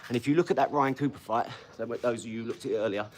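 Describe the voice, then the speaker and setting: A man's voice: medium pitch, racing, a little hiss or hum. Boastful man chatting live. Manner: boastful, chatty, talks straight to viewers. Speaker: live stream host and boxer. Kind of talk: casual live stream chat.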